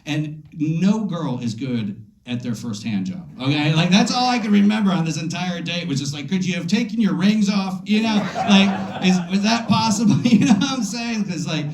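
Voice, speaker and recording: A man doing a stand-up set at a comedy club, rambling, calling out to audience members, and jumping into high silly voices for quotes. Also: lively intonation, normal speed, a little hiss or hum. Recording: echoey club room. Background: audience laughter.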